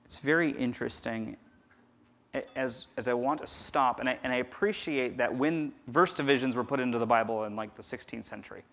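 Male pastor, mid-pitched, conversational sermon delivery, wide loud-to-quiet swings. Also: fairly quick, vocal fry. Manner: conversational, swings from loud emphasis to near-whisper. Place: church.

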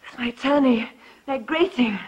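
An actress playing a shrill, hysterical woman who has shot a man, in a detective spoof. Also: normal speed, highs cut off, lightly acted. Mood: frantic. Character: shrill, frantic female murder client.

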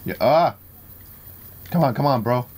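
Keyboard clicks run behind a young man as he gives live commentary on his own fighting-game match in a fairly low voice. At a moderate pace, he alternates quiet muttered remarks with flashes of trash talk and chuckles at his own jokes.

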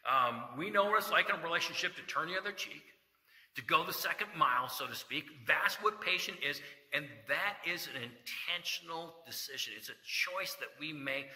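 Pastor, middle-aged man, bright tense voice, slightly higher pitched, folksy sermon in a reverberant sanctuary. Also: moderate pace. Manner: folksy, jokes and asides, scripture quotes. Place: church sanctuary. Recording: echoey church hall reverb.

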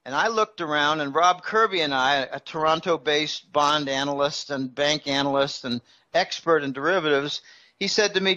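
A man's voice: fairly high pitch, moderate pace, bright, forceful tone, muffled recording. A man as a guest financial analyst, explaining markets in a conversational interview with everyday analogies.

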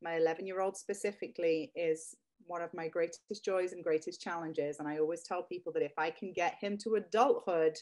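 A woman's voice: fairly low pitch, steady tone, brisk, hardly any pauses, a little mellow. A woman in her thirties, a guest speaking heartfelt and close to tears about her children. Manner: heartfelt, near tears at times. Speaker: guest, product creator. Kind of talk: emotional interview.

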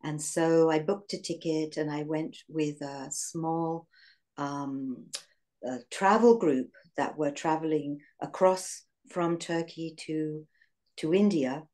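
An English woman in her sixties recalls her past in an interview. Her voice sits very low, and she speaks reflectively, pausing on fillers and breaking into soft laughs. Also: fairly even intonation. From England. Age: 60s. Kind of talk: reminiscing in an interview.

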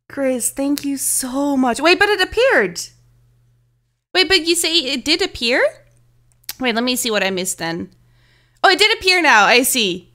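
A woman's voice: high voice, bright, forceful tone. A woman streaming a game from home, chatting casually with her viewers, giggly, flustered and apologetic, slightly sick, talking close into a desk mic. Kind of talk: casual live-stream chat while gaming.

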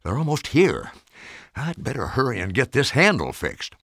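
A man's voice: medium pitch, big pitch swings, normal speed, fairly bright tone, dry recording, studio quality, voice pushed up. An elderly man in his eighties voicing a kindly white-haired old toy maker who grumbles mildly and sighs. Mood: fretful. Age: 80s.

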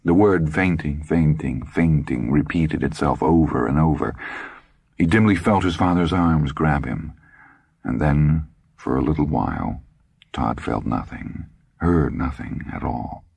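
A man reading an audiobook aloud with dramatic, expressive storytelling. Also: rumbling low, a little slow, creaky, slightly rough, no echo. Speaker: audiobook narrator. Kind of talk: scripted audiobook narration.

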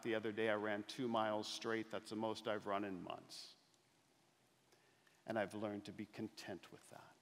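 A middle-aged man giving an inspirational keynote speech, telling stories with slow, emphatic pauses that build to louder climaxes. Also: fairly low pitch. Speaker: motivational speaker. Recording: long reverb of a large hall.

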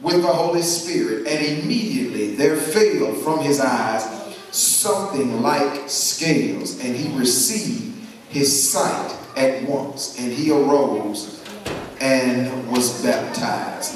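A man's voice: medium pitch, lively intonation. A man preaching a church sermon, reading scripture aloud and calling on the congregation to answer back. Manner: call-and-response, drawn-out emphatic reading. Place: church sanctuary. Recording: very echoey church, mic at a distance.

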